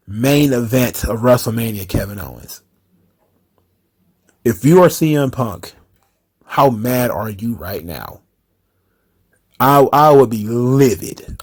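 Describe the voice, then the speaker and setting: Animated, cursing man ranting about wrestling. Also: a little high. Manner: animated, profane, repetitive, incredulous. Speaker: wrestling commentary host. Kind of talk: casual ranting commentary.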